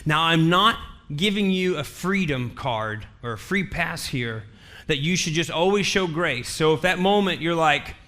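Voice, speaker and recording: A man's voice: on the high side, animated, a little slow, bright, forceful tone. A male pastor preaching a sermon in a church, telling a story with humor and emphatic repetition.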